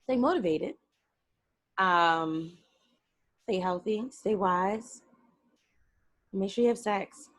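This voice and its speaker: A woman co-hosts a casual podcast with relaxed, easygoing banter and frequent laughter. Her voice sits in a middle range. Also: mid-range voice, drawn-out words, pauses often. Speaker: podcast co-host. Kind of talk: casual chat.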